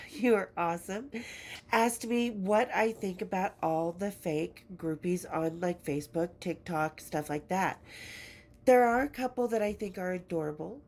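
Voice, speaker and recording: A woman's voice: medium pitch, darkish tone. Sick lady podcaster, congested and worn out, chatty, swears a lot, talks to her fans like family. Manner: chatty and affectionate, swears freely. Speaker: podcast host. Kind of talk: casual chat to camera.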